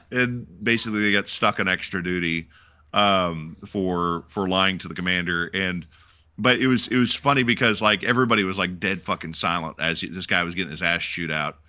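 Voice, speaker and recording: A man's voice: low-pitched, brisk, pushed and bright. A man co-hosting a podcast, telling stories in casual chat and acting out other people's voices with laughter and swearing. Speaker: podcast co-host.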